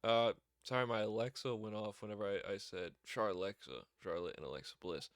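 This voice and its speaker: A man casually recapping a wrestling show on his own, excitable and rambling, with lots of fillers, restarts and laughter. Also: on the low side, a little fast, no echo, studio quality.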